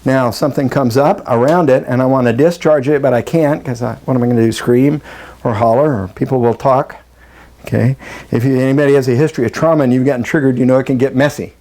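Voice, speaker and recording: A middle-aged man giving a live workshop talk to a group, animated and joking, often acting out the voices of the people he quotes. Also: medium pitch, quick pace. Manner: animated, acts out quoted voices, jokey asides. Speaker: breathwork workshop presenter.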